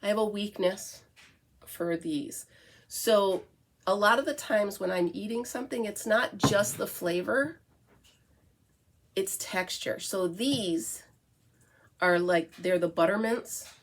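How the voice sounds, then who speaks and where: A woman's voice: mid-range voice, slow, long pauses. Chatty middle-aged woman vlogger. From United States. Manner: chatty, baby-talks to her dog. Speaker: vlog host. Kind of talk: casual morning coffee chat.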